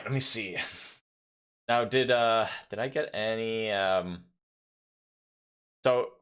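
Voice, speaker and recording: Bright-voiced esports caster, man. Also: lowish voice, fairly even intonation, smooth. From New York, United States. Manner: reads scores off quickly, chatty with viewers, many fillers. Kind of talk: solo live esports commentary.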